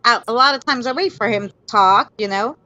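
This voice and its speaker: A woman's voice: fairly high pitch, fairly quick, pushed and bright, no echo, lo-fi sound. A woman telling stories in a casual group chat, chatty and acting out voices in her anecdotes. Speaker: guest paranormal video maker.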